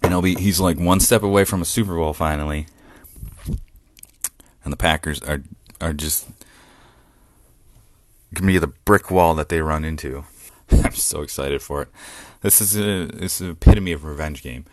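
A man hosting a solo sports podcast, talking excitedly and profanely and laughing often as he rants. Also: low voice, moderate pace, pauses often, dry recording, studio quality. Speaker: podcast host.

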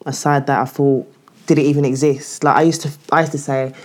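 A woman's voice: extremely low pitch, little pitch movement, brisk, darkish tone. A woman, speaking candidly in a casual podcast chat, full of "like" as she tells her story. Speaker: guest.

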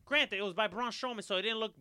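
A man co-hosting a casual talk show, talking in an animated, emphatic way and swearing freely. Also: sits high, fast talker, smooth, dry recording, studio quality. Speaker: podcast co-host. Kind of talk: casual wrestling chat.

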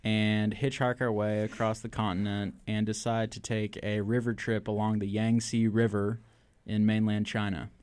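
A man's voice: lowish voice, little pitch movement, moderate pace, few pauses, darkish tone, clean tone, no echo. A man hosting a casual interview, asking playful quiz-style questions. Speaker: podcast host.

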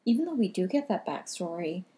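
A woman co-hosting a casual chat, thoughtful and measured, with the odd filler. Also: on the low side, sing-song, warm tone. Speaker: podcast co-host.

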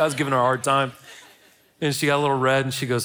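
A man's voice: mid-range voice, level tone, fast, bright, forceful tone, clear, resonant tone. A middle-aged man, a pastor opening his sermon with a chatty, self-deprecating story before moving into the teaching.

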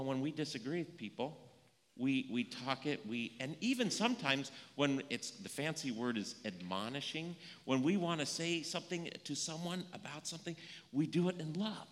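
A man giving a playful children's sermon in a church. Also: on the high side. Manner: animated, playful, acts out little scenes. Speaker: pastor giving a children's message. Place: church sanctuary. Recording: echoey church room.

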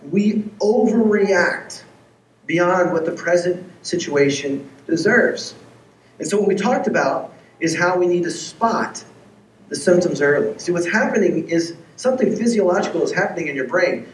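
High-voiced man preaching in an echoey hall. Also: lively intonation, moderate pace. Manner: storytelling, acts out dialogue. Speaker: pastor. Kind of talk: sermon. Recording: echoey room, heard from far off.

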